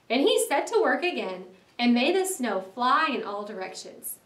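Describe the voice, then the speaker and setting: A woman teacher reading a story aloud for a class in an expressive way, stopping to explain words. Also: fairly high pitch, moderate pace, few pauses, roomy sound, distant mic. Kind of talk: read-aloud lesson narration.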